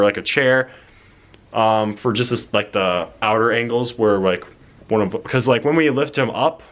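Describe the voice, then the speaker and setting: Rambling young guy pitching a movie. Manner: excitable, full of "like" and restarts. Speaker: vlogger pitching his film idea. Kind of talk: casual rambling storytelling.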